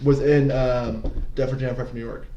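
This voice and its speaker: A man co-hosting a casual podcast chat, bantering with quick jokes and profanity. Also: mid-range voice, level tone, muffled recording. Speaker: podcast co-host. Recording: echoey room with faint noise.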